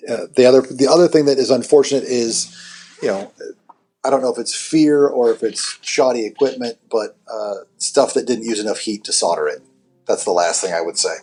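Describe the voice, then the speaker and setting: A man with a lowish, darkish, slightly rough voice chats casually as an amp builder guest on a technical podcast. He talks about building and repairing guitar gear, restarting sentences and filling gaps with plenty of "you know."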